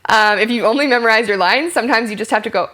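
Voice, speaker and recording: Bright-voiced woman explaining acting. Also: a little high, rapid-fire. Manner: chatty, explains with acted-out example lines; frequent ums and likes. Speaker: actress, interview guest. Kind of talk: candid interview conversation.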